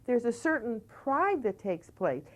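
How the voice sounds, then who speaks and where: A woman's voice: on the high side, sing-song, measured pace. A middle-aged American woman hosting a community TV talk show, chatting emphatically with her guest. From United States. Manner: conversational, emphatic, many "you know"s. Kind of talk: studio talk show conversation. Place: community TV studio.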